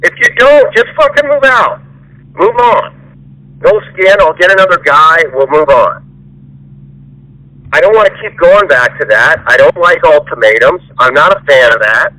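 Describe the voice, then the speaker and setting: A man's voice: fairly high pitch, lively intonation, moderate pace, pushed and bright, dry recording. A man on a recorded phone call, lecturing the person who works for him in an angry, profane rant. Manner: profane, ranting, mocks the listener in whiny voices. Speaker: employer.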